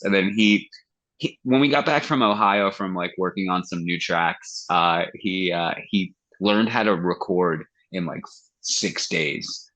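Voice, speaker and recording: On a rough recording, a low, fairly bright male voice belongs to a metal singer chatting casually as a podcast guest. He swears freely, keeps things loose, and acts out quoted dialogue in this interview-style talk.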